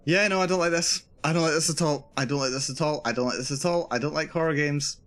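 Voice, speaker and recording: A man's voice: fairly high pitch, quick pace, fairly bright tone. Jittery man narrating a horror game. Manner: jittery, repeats himself, narrates his own nerves. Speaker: VTuber streamer. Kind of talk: live horror gameplay commentary.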